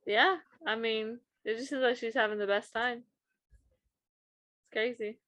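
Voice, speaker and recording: A woman's voice: fairly high pitch, steady tone, measured pace, a bit bright, no room sound. A young woman co-hosting a podcast in casual chat, reacting and often trailing off mid-sentence. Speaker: podcast co-host.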